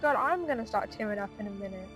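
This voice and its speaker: A woman's voice: mid-range voice, animated, fast talker, over music. A woman giving casual, emotional commentary on her gameplay and chatting to her viewers. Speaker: gaming video creator.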